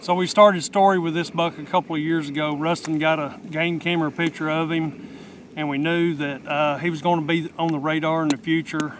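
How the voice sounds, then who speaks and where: A middle-aged man talking outdoors in a hunting vlog, telling a story in a plain-spoken, excited way. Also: on the high side, fairly quick, noisy background. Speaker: hunter. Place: outdoors in the woods.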